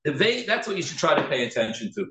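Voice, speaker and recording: A man giving an informal class, earnestly repeating words slowly to show the right way to say them. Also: a little high, big pitch swings, background noise. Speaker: teacher of prayer pronunciation. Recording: echoey room.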